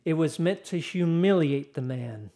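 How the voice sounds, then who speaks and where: A man preaching a sermon, reading scripture slowly and dramatically with rising intensity. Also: on the high side, expressive, warm tone.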